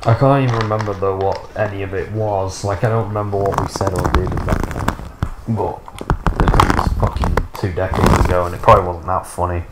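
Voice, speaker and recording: A man's voice: deep voice, steady tone, fairly quick, very noisy. A man in his thirties giving sarcastic, sweary, rambling commentary while playing a video game. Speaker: gaming YouTuber. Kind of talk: casual gameplay commentary.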